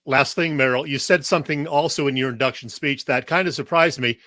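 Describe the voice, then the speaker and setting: A man's voice: mid-range voice, brisk, pushed and bright, no room sound, studio quality. A man hosting a podcast and asking a guest prepared questions. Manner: attentive, asks prepared questions. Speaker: podcast host. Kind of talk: interview questions.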